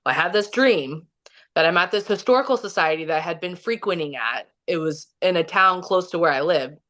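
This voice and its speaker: This Kansas City, Missouri woman, a podcast guest, moves briskly through a long personal tale in a rambling, filler-heavy style, voicing the dialogue she quotes. Her voice sits lowish with a fairly bright tone.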